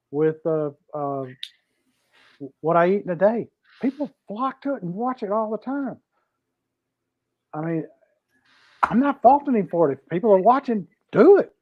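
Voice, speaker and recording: Upbeat man host, somewhat high, dull audio. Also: animated, normal speed, long pauses. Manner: encouraging, chuckling affirmations. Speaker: podcast host. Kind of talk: casual podcast chat. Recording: dull lo-fi sound.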